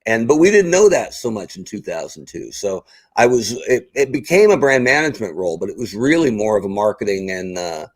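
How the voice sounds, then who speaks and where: A man's voice: lowish voice, a little fast, no echo, poor audio. A middle-aged man, a guest on a podcast, chatting casually and acting out the exchanges he tells about. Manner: animated storyteller, acts out quoted exchanges.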